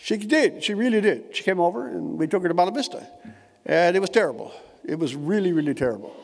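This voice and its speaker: A man's voice: sits high, very animated, fairly quick. A man, giving a humorous keynote speech in a wordy, witty storytelling manner, with dry and elaborate phrasing. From Newfoundland, Canada. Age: 70s. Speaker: keynote speaker. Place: large indoor conference hall. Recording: echoey hall, long reverb.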